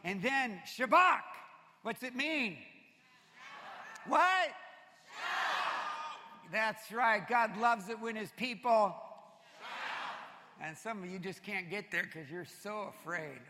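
A man preaching a sermon to a congregation, energetic and shouting at his peaks, then dropping low and soft. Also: slow, long pauses, a little hiss or hum. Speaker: pastor. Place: large church hall with congregation. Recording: reverberant church hall.

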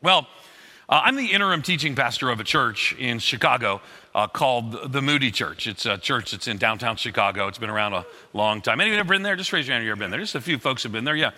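A man's voice: mid-range voice, fast talker, in a large hall. A middle-aged man preaching a sermon as a pastor, telling stories with acted-out quotes. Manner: animated storytelling with acted quotes.

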